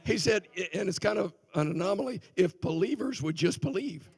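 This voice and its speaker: An older male guest minister preaching a sermon in a church, swinging between loud exclamations and quiet asides. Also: high-pitched, expressive, normal speed, gravelly, husky, no echo. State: voice sounding off. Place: church sanctuary.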